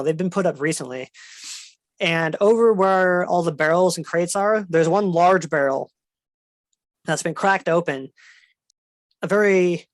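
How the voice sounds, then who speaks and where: A man narrating as game master of a tabletop game, relaxed and descriptive with fillers. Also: a little high, no echo.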